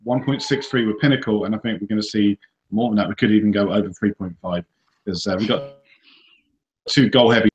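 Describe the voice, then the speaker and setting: A man's voice: on the low side, a little fast. Matter-of-fact man on a dull call line. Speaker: tipster. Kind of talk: casual betting panel chat. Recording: dull call audio that cuts out.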